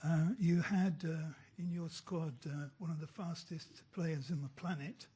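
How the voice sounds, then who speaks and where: A man from Britain, a journalist asking a hesitant, halting question at a press conference. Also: fairly high pitch, fairly even intonation, warm tone, slightly rough. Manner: hesitant, full of uhs and restarts.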